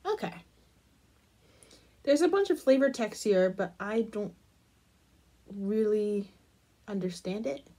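A woman with a breathy, slightly husky voice at an ordinary middle pitch chats through a crochet pattern book. She gushes over cute designs and often drops into soft, quiet murmurs. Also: animated, slow, pauses often. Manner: gushing, chatty, trails into soft murmurs. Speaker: crochet vlogger. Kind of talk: casual vlog talk while browsing a pattern book.

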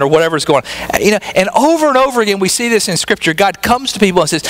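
A man with a notably high voice preaches to his congregation. He keeps the tone conversational and leans on rhetorical tag questions to pull listeners along. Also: lively intonation, fairly quick, a bit bright, rough recording. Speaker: pastor. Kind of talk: sermon.

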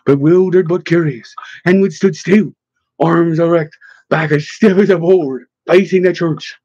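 A man narrates a story with measured, expressive pacing. His voice sits a touch high for a man yet sounds mellow and husky. The recording is dry and dull, as if muffled. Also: dry recording. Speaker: audiobook narrator. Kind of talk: scripted narration.

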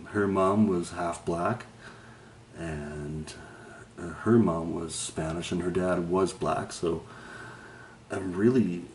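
A man's voice: sits low, fairly even intonation, slow pace, pauses often, darkish tone, slight background noise. A man talking to the camera in a rambling personal monologue, swearing constantly and laughing between thoughts. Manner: profane, rambling, laughs often. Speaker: vlogger.

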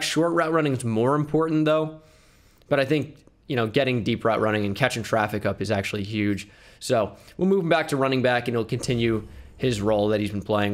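A man giving excitable video game commentary, thinking aloud with bursts of hype. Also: mid-range voice. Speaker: gaming YouTuber.

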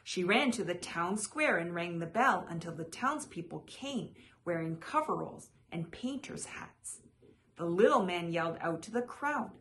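A woman storyteller reading a children's picture book aloud with expressive, slow dramatic phrasing. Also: on the low side, slight background noise.

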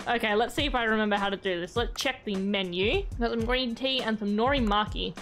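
A woman's voice: fairly high pitch, fairly quick, a bit bright, soft background music. A woman hosting a gaming channel, giving chatty let's-play commentary and talking to the game characters.

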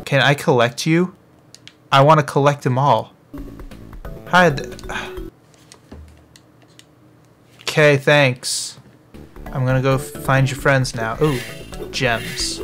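A young man casually commenting on his own gameplay as a let's play host, chatty and quick to react. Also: mid-range voice, vocal fry. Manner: excitable, chatty, reacts loudly to the game. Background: game music.

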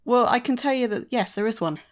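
A woman's voice: fairly high pitch, lively intonation, brisk. A woman podcast host interviewing an author, chatty and enthusiastic, with many fillers. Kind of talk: casual interview chat.

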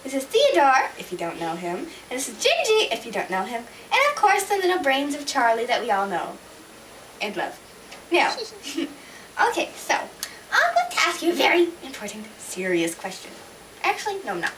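A woman's voice: high voice, wildly swooping pitch, moderate pace, a bit bright, far from the mic, slight background noise, low-quality recording. A woman hosting a playful homemade interview, teasing and playfully dramatic. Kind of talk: playful fan-made interview.

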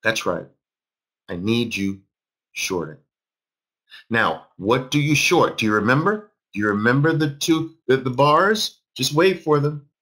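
A man's voice: medium pitch, expressive, a little slow, a bit bright, husky. A man in his fifties teaching a live trading class, emphatic, repeating phrases and quizzing his audience. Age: 50s. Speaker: trading instructor.

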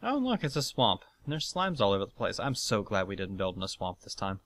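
A man's voice: on the low side, very animated, brisk, fairly bright tone, dry recording. A man hosting a let's play, chatting casually and swearing as he guides a tour through a game world. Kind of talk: casual gameplay commentary.

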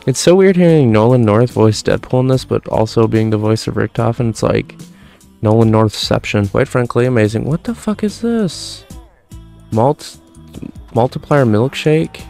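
A man's voice: medium pitch, normal speed, gravelly, darkish tone, soft background music. Rambling young man commenting on gameplay. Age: 20s. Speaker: gaming commentator.

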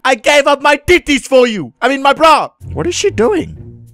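A man's voice: sing-song, moderate pace, a bit bright. Brief: male let's-play commentator, crude and rowdy, voice leaping all over the place, faint game music behind. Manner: crude, rowdy, swings wildly in pitch. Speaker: gaming commentator.

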